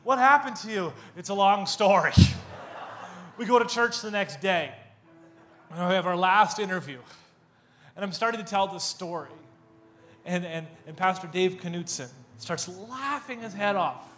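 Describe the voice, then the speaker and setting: A man gives a sermon in a high, bright voice, pulling the room along with animated, self-mocking storytelling. He acts out the voices in his story as he goes. Faint music plays behind him. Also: unhurried, pauses often. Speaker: pastor.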